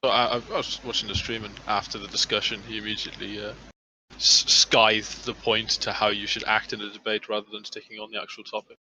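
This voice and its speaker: A man's voice: fairly low pitch, level tone, a little fast, bright, forceful tone, slight background noise, rough recording. A man calling into a debate stream, speaking hesitantly with many fillers and restarts.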